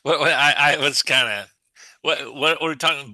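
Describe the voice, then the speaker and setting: A man on a group video call who talks haltingly, with lots of fillers and restarts. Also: fairly high pitch, crowd noise. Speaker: workshop participant.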